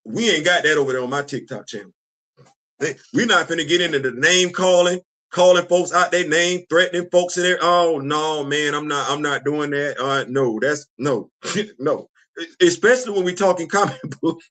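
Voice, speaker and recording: Man, middle-aged, casual livestream host, animated, high-pitched. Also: normal speed. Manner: animated, laughing often, answering chat.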